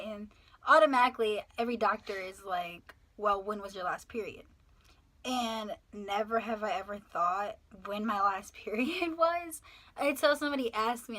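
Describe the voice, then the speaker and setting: A woman's voice: a little high, bright, forceful tone. An eighteen-year-old woman, telling a story casually and animatedly, swearing and acting out the people she quotes. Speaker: vlogger.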